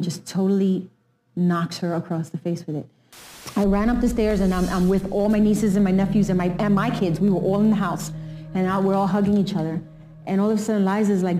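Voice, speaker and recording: A woman in a documentary interview, telling a story in an earnest, emphatic way. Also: fairly low pitch.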